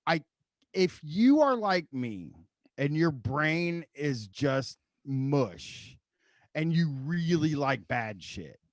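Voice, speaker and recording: A man's voice: fairly high pitch, sing-song, takes it slowly, no room sound. A man hosting a podcast in casual chat, rambling and swearing with amusement. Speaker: podcast host.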